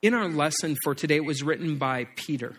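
A middle-aged pastor delivers a sermon through personal stories. His voice sits a little high for a man. He often doubles back on words mid-sentence. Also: animated, brisk, a bit bright. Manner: storytelling, repeats words as he speaks.

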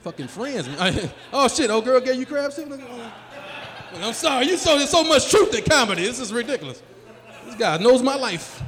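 A man in his forties doing a live stand-up set, working the crowd loudly and acting out his friends in high, excited voices. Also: normal speed. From Chicago area. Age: 40s. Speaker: stand-up comedian. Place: small live venue. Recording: live room with long reverb and faint hum.

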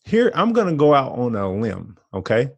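A man's voice: mid-range voice, huge pitch swings, moderate pace, vocal fry, no echo, dull audio. A man co-hosting a podcast, talking in a laid-back, slangy way and laughing often. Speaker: podcast co-host. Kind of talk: casual chat.

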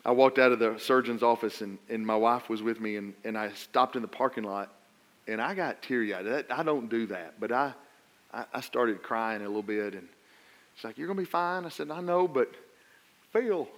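A middle-aged man, a pastor, preaching a sermon and telling a personal story with stammered restarts before building to loud, emphatic appeals. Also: on the low side, moderate pace.

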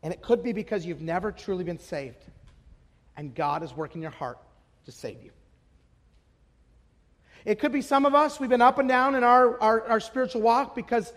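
A man preaching a passionate sermon as pastor, swinging between hushed tones and shouts. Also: high voice, normal speed, long pauses. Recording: long hall reverb.

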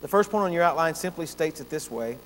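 A man's voice: on the high side, lively intonation, fast talker, a bit bright. A man preaching a sermon as pastor, earnest and emphatic, repeating phrases for stress. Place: church sanctuary. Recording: long church reverb, faint hum.

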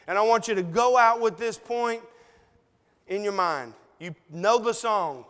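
A man preaches slowly and deliberately, his voice sitting high and sounding smooth and clear. His delivery is folksy and conversational, broken by dramatic pauses, and his words ring with a long reverb through the hall. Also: a bit bright. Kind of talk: sermon. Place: church sanctuary.

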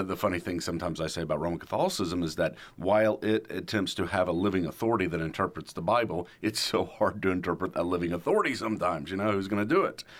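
A man co-hosting a theological discussion, asking questions in a conversational way. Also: sits low.

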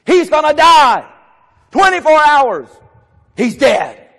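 An enraged queen declaims her oath slowly, hammering each word, as a male preacher puts her on. The voice is high and loud. The hall rings with long reverb. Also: big pitch swings, exaggerated voice. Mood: furious. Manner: slow, emphatic, declaiming. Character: furious vengeful queen swearing an oath.

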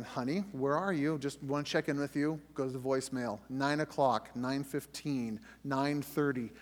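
Man telling a story in a reverberant room. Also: fairly high pitch. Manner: conversational storytelling with restarts, rising tension when reliving the scare. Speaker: podcast host. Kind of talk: personal story in a faith podcast.

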